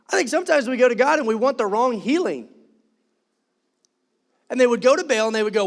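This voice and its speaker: High-voiced man preaching a sermon. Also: lively intonation, fairly quick, pauses often. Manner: conversational, joking asides, acts out quoted voices. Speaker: pastor. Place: church.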